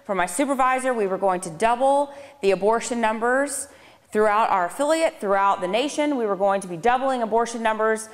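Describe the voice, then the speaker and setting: A woman's voice: a little high, a little fast. A woman in her thirties giving a conversational personal testimony to a live audience, with dry sarcastic asides. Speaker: public speaker. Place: lecture hall on a speaking tour. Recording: reverberant hall sound.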